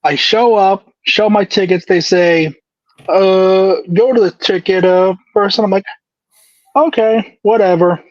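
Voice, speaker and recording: High-voiced man telling a quick story. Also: no room sound. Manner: quick storytelling with laughs and restarts. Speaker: podcast co-host. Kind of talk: casual chat. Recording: dry, dull lo-fi sound.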